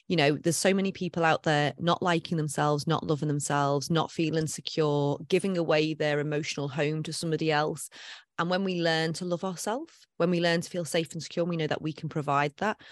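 A woman's voice: low-pitched, fairly quick, no echo, studio quality. A middle-aged woman with a British accent, a guest coach speaking earnestly and upbeat in a casual interview.

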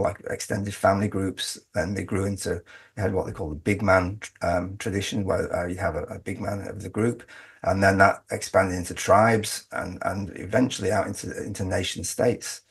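A middle-aged Englishman living in Australia, speaking as an interview guest in a halting way with many restarts. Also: sits low, fairly even intonation, gravelly, breathy edge. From England. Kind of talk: conversational interview.

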